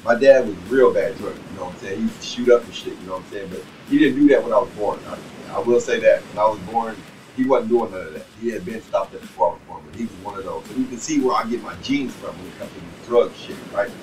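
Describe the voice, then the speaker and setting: A man telling a personal story in a casual, rambling monologue full of profanity and "you know what I'm saying." He swings between loud bursts and low muttering. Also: fast talker. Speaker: vlogger telling a life story. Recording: distant mic with faint background noise.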